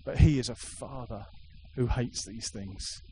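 A man's voice: mid-range voice, unhurried, dark tone, slight background noise, low-quality recording. A middle-aged man preaching a sermon to a congregation, emphatic and repetitive, with playful asides. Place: church hall with a live congregation.

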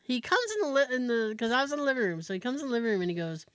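A woman's voice: on the high side, expressive, very fast, a bit bright, a little hiss or hum. A woman co-hosting a podcast in casual chat, telling a long story with lots of restarts. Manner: rambling storyteller, trails off and restarts. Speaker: podcast co-host.

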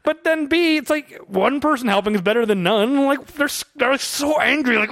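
Animated high-voiced man reviewing a movie. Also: moderate pace, hardly any pauses, no echo. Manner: animated, acts out characters' lines in quotes. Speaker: podcast co-host. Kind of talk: casual movie review chat.

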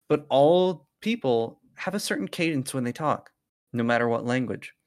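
A man hosting a podcast who reads a horror story aloud in a casual, profane way and breaks off to chat. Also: medium pitch. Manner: profane, breaks off into side chatter. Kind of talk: casual story reading with banter.

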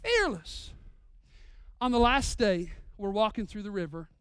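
A man in his thirties preaching a sermon as a pastor, swinging between loud, drawn-out lines and hushed, intimate storytelling. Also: high-pitched, clear, resonant tone, dry recording, clean studio sound.

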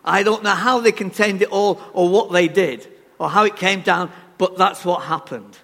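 A man delivers a sermon in a fairly high voice, emphatic and animated, tossing rhetorical questions to his congregation. His voice rings with the long reverb of a church hall. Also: moderate pace, creaky. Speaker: preacher.

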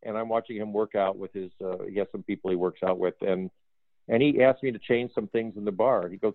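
A man working as a film art director, telling lively behind-the-scenes stories in a casual interview, acting out quoted dialogue and laughing often. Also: lowish voice, fast talker, no echo. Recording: phone-like dry audio.

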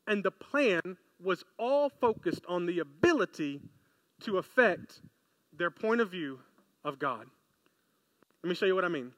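A man preaching a sermon in an animated, conversational way, often asking his listeners questions. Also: sits high, a little slow, pauses often, no echo. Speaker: pastor. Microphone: close mic, podcast.

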